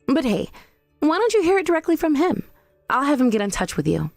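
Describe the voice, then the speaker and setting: A woman voicing a cool young wife in a scripted drama, who accuses in a calm, cutting way. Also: sits high, fairly quick, creaky, no room sound, soft background music, full character voice. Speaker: daughter-in-law.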